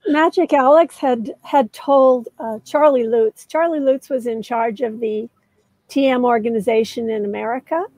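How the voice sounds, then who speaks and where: A woman in her seventies with a high, bright voice tells a long story as a guest author. She goes into detail and often pauses on "uh". The sound is dry and close. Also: no echo, rough recording. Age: 70s. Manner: detailed storyteller, many "uh" fillers. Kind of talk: storytelling in a conversation.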